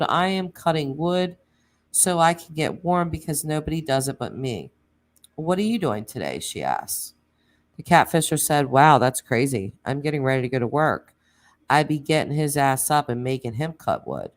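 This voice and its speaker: Low-voiced woman reading messages aloud. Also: expressive. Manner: plain reading with pauses and asides. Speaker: true crime channel host. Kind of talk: reading text messages aloud with casual commentary.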